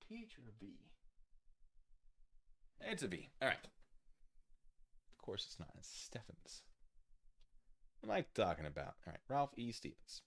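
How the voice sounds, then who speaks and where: Tired rambling man, lively low voice. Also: a little slow, gravelly, pauses often. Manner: rambling, self-interrupting, muttering asides. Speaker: streamer. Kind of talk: casual livestream chat while reading documents.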